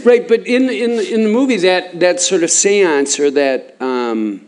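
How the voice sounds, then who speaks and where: A man interviewing guests in a casual chat, asking questions haltingly, with many ums and repeated words. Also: high voice, expressive, darkish tone.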